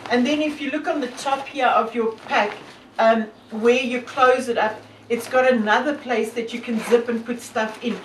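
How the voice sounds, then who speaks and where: This hiker and vlogger from South Africa has a South African accent and a fairly high, steady voice at normal speed. She talks casually to camera, earnest and devout, with many fillers. The rough recording is reverberant and distant, with a little hiss or hum.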